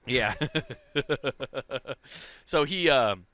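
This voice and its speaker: A man's voice: medium pitch, lively intonation, extremely slow, sharp tone, no room sound. A man co-hosting a podcast, chatting casually and crudely, laughing often. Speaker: podcast co-host. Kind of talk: casual comedic chat.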